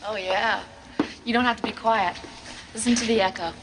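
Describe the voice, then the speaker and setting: A woman's voice: on the high side, fairly even intonation, normal speed, close to an everyday voice. A woman playing a playful young woman in a sitcom. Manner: bright, shouting to hear the echo. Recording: TV sitcom clip with noise.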